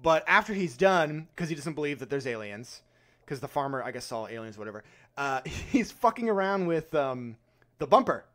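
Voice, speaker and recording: A young man with a high voice co-hosts a casual movie podcast. He laughs often and drops into goofy voices to act out scenes he liked. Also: very animated, normal speed, fairly bright tone. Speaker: podcast co-host. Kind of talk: casual movie review chat.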